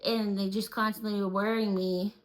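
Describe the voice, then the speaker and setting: A woman's voice: mid-range voice, little pitch movement, moderate pace, low-quality recording. A young woman co-hosting a podcast, telling a personal story casually and animatedly, with many filler words. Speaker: podcast co-host.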